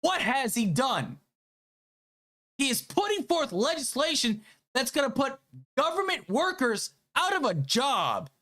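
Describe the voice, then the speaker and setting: A woman in full angry-rant mode, spitting out curses in quick heated bursts. Her pitch sits a bit high and leaps all over the place as she gets worked up. She stumbles and repeats words when the anger takes over. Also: fairly bright tone. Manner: heated, profane, rapid outbursts. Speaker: vlogger. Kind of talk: angry late-night rant.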